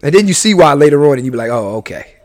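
A man's voice: fairly high pitch, expressive, very fast, darkish tone, dry recording, studio quality. A man hosting a podcast, talking candidly in a rambling, confessional way full of slang and restarts. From New York. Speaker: podcast host.

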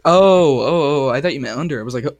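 A man's voice: mid-range voice, expressive, fast. A young man co-hosting a casual podcast, swearing a lot and retelling stories with animation. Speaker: podcast co-host. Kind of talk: casual chat.

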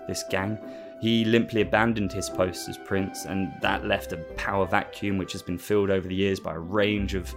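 A man casually recapping a story as host, rambling with lots of fillers and laughing at himself. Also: low-pitched. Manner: rambling, with many fillers and restarts, and amused.

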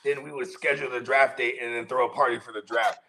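A man co-hosts a casual fantasy football show, trading laid-back, slangy banter. He talks fast at a medium pitch with a steady tone, and his voice is gravelly, pushed, and bright.

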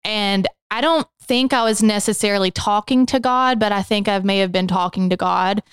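A young adult woman co-hosting a podcast, telling her own story in an earnest, emotional way, slowing down on the hardest moments. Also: mid-range voice, smooth, no room sound. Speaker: podcast co-host. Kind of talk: candid personal testimony.

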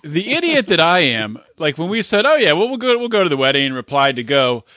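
A man's voice: a little high, very animated, fast, sharp tone, no room sound. Dry-miked man rambling on a podcast. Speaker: podcast co-host. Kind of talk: casual chat.

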